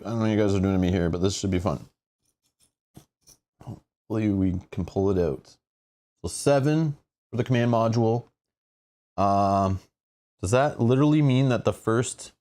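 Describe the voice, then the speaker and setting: A man with a somewhat low voice talks his way through a solo board game on a live stream. He reads rules aloud and chats with viewers in an excitable, thinking-aloud manner.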